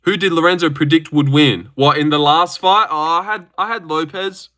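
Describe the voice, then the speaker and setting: Brash, bright-voiced Australian young man. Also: moderate pace. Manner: animated and brash, swears a lot, big pitch jumps. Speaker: livestream host. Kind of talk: casual livestream chat, reading viewer comments.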